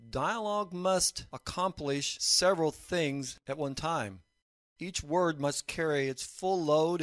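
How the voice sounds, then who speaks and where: A man teaching a recorded lesson on writing fiction, explaining points in a measured way. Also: fairly high pitch, fairly bright tone, no room sound, clean studio sound. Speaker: college instructor.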